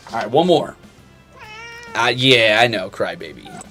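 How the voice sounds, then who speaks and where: A man's voice: mid-range voice, big pitch swings, unhurried, pauses often, sharp tone. Young guy fussing at his cats, voice jumps all over, faint music behind. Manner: playful scolding, baby-talk to cats. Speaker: streamer. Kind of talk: casual chat with pets on stream. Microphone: desk mic.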